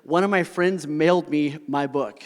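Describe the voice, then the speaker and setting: A man's voice: on the high side, normal speed. Earnest man speaking in a reverberant hall. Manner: earnest, keeps checking in with the audience; heartfelt personal storytelling. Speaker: motivational speaker. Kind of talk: motivational talk to a live audience.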